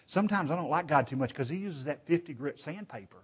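Male preacher, pitched a bit high, emphatic, rhetorical questions, husky voice. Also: animated, fast. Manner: emphatic, shifts from loud urging to hushed pleading; addresses listeners as brethren, asks rhetorical questions. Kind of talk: sermon. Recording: dull, lo-fi recording.

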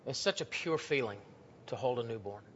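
A man preaching a sermon in a church, telling stories and acting out the voices in them, swinging from loud to hushed. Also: mid-range voice, lively intonation, fairly quick, a little hiss or hum. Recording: dull lo-fi recording.

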